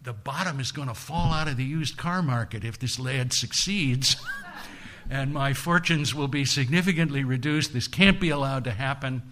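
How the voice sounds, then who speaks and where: A man's voice: medium pitch, normal speed, fairly bright tone, natural voice. A man voicing a greedy, bossy male demon king in a folksy, exasperated way while telling a story. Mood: scheming.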